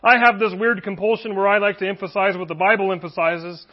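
A man's voice: high voice, flat delivery, quick pace, dull audio. A man preaching an earnest, emphatic sermon with rising exclamations.

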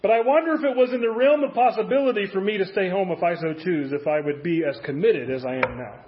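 A man's voice: high voice, fast talker, highs cut off. A man preaching a conversational sermon as a pastor, full of rhetorical questions.

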